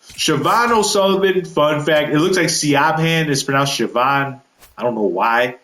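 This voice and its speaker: A man's voice: on the high side, measured pace, a bit bright, echoey room, poor audio. A man rambling casually through a walkthrough of his created game roster, with lots of fillers and self-corrections. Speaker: gaming video creator.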